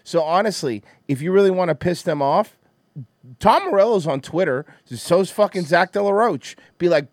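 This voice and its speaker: Man, livestream host, profane sarcastic rant, lively pitch, dry close sound. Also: normal speed, dry recording. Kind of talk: casual commentary rant.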